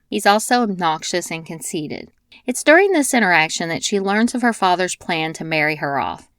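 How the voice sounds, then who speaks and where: A woman's voice: fairly low pitch, a bit bright, dry recording, clean studio sound. A woman hosting a scripted TV episode recap, dropping wry, blunt asides and casual swearing. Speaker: TV recap host.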